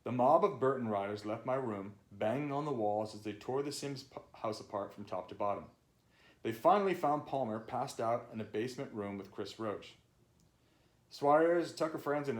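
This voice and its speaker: A man's voice: mid-range voice, normal speed, reverberant. A man reading his own memoir aloud, loose and conversational, with casual asides. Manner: loose, conversational, swears and laughs.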